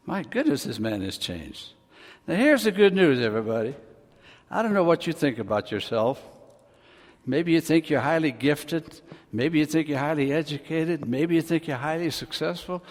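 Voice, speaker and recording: A man's voice: on the high side, animated, normal speed. A male pastor preaching a sermon in a folksy way, joking with the congregation and swelling his voice for emphasis. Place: church hall. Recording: long hall reverb.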